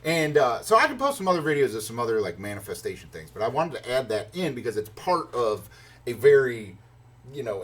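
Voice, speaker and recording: A man telling a long personal story in a casual, rambling way, full of fillers and restarts, acting out his own reactions. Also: husky. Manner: excited, acts out his own reactions in higher pitch. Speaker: vlogger.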